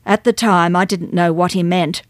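A woman reading magazine articles aloud on a radio program, steady and clear. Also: fairly low pitch, normal speed, no room sound, studio quality. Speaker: radio reader.

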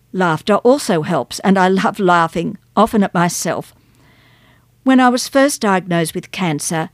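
A woman's voice: medium pitch, no room sound, studio quality. Woman reading magazine articles aloud. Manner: steady, clear article reading. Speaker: radio reader.

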